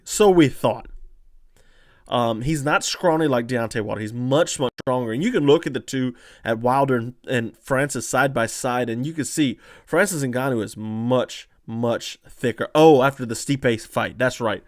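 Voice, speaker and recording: A man talks through a fight on a live stream, excitable and chatty, with plenty of fillers and restarts. His voice sits at an ordinary middle pitch. The sound is dry and close, with no room around it. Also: no echo. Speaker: podcast host analyzing fights. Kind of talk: casual live-stream commentary, reading chat.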